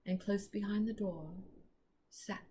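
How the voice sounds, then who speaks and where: A woman reading a children's book chapter aloud in a measured way. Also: mid-range voice, steady tone, noisy background. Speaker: storyteller.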